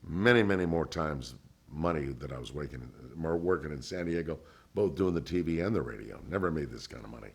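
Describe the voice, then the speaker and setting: A man's voice: very deep voice, brisk, vocal fry, husky. An older man, a former radio DJ, telling stories in an oral history interview and acting out the voices of people he quotes. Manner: animated storyteller who acts out others' voices.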